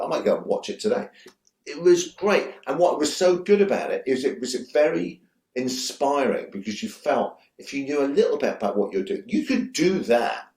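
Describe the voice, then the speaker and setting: A man's voice: mid-range voice, very animated, fairly quick, a little mellow, echoey room. A man, a guest director telling rambling, enthusiastic stories in a casual interview, swearing freely. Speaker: guest, music video director.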